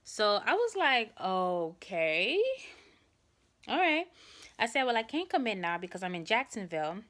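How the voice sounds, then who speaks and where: A woman's voice: medium pitch, very animated, a little slow, a bit bright. Young woman vlogging, sore jaw, rambly story, keeps saying guys. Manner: chatty, rambling, addresses viewers as guys. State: sore jaw, trouble opening mouth. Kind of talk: casual storytelling to camera.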